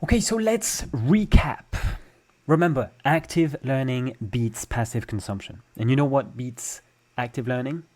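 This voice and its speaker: A man's voice: mid-range voice, measured pace, a little mellow. A young adult man with a French accent, teaching a language lesson and patiently explaining step by step with examples. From France.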